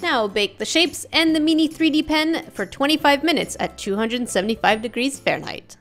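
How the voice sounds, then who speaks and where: A woman hosting a craft tutorial in a casual voice-over, playful and full of jokey asides. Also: a little high.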